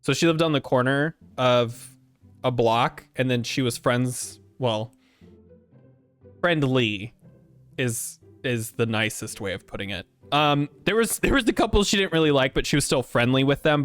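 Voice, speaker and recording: Profane, animated man streamer. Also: medium pitch, normal speed, clean tone, faint music behind. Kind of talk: game playthrough commentary.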